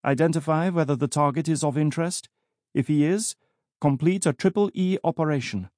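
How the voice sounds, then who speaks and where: A man's voice: on the high side, brisk, darkish tone, no room sound, clean studio sound, voice pushed up, natural voice. Man doing a clipped commanding woman agent. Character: brisk, cool-headed woman operative. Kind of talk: audiobook character voice.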